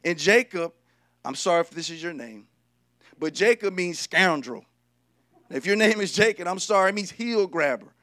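A male preacher giving a lively, humorous sermon and talking directly to the congregation. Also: high voice, normal speed, no room sound, clean studio sound.

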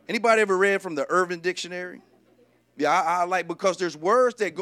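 Male preacher, high voice, lively humorous sermon, dry close-miked sound. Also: no echo. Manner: lively, humorous, talks directly to the congregation.

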